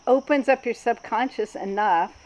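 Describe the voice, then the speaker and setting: Calm woman leading a group workshop. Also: on the high side, moderate pace, low-quality recording. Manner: calm, explanatory, with frequent ums. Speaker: workshop facilitator.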